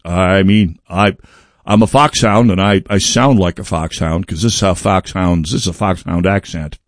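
Man doing a low, gruff foxhound. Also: normal speed, no echo, studio quality, natural voice. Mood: grumbling. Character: gruff plain-spoken male foxhound.

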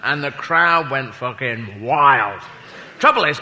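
A man's voice: fairly high pitch, sing-song, a little slow, long reverb tail, noisy background. A man doing rambling stand-up storytelling, self-interrupting and mock-pompous. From Britain. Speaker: stand-up comedian.

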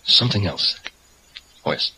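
A man's voice: normal speed, pushed and bright, slight background noise, rough recording. An actor playing a nervous young man caught up in a ritual in a radio drama, hesitant and uneasy, often talking to himself. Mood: musing.

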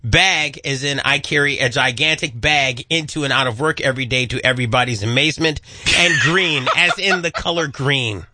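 A man co-hosting a radio show, giving clues and telling deadpan jokes in casual banter. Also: mid-range voice, normal speed. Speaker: radio co-host.

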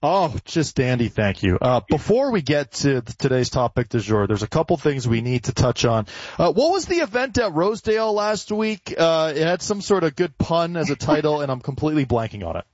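A man hosting a golf radio talk show in a relaxed, casual way. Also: a little high, fairly quick, dry recording. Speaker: radio host. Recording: dry, slightly dull studio sound.

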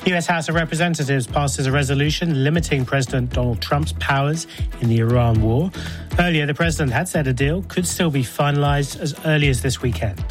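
A man reading radio news headlines in a brisk delivery. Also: on the high side, music in the background. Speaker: news presenter.

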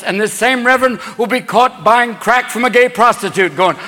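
A male stand-up comic working a big theater crowd, his voice pitched unusually high and swinging wildly up and down. He talks in a manic, rapid-fire rush. The sound rings through a reverberant hall with loud crowd laughter and a steady murmur behind him. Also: noisy background. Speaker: stand-up comedian. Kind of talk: stand-up comedy routine. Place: large theater on stage. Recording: echoey hall, audience laughter and ambience.

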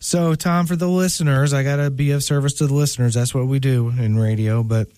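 A man's voice: mid-range voice, steady tone, a little fast, mellow, smooth, no echo. A man interviews a guest on radio in a friendly, conversational tone. His voice is recorded close and dry, with no room sound.

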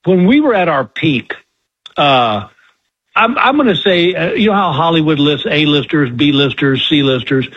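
A man's voice: a little high, animated, unhurried, a bit bright, slightly rough, highs cut off. A man, a guest comedian, telling folksy, self-deprecating stories in a radio interview.

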